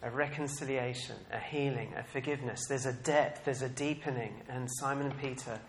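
A male preacher giving a sermon at a middling pitch. He talks in an animated way and laughs often. His voice swings from quiet, reflective passages to loud, excited bursts. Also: fairly quick, slight background noise.

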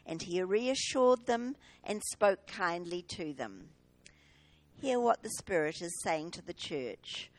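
Slow, measured New woman reader. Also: on the low side, no echo. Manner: measured, expressive reading aloud. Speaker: scripture reader. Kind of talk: liturgical Bible reading. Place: church service.

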